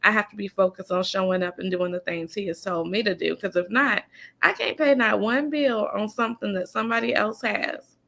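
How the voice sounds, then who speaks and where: A woman's voice: medium pitch, steady tone, fairly quick, creaky, fairly bright tone. A woman business coach and author giving a faith-based motivational talk, emphatic and folksy, repeating her key phrases and calling listeners "y'all" and "honey".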